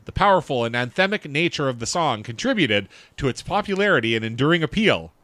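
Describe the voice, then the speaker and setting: A man's voice: mid-range voice, big pitch swings, fast, fairly bright tone, no room sound. A man co-hosting a podcast in casual chat, reading facts and chart lists aloud and chuckling along. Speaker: podcast co-host.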